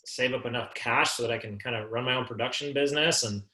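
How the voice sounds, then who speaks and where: A man's voice: mid-range voice, fast, sharp tone, voice pushed down, close to an everyday voice. A man voicing a friendly young male restaurant server who talks in an upbeat, casual way, saying "man" and "like". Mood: easygoing. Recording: echoey room.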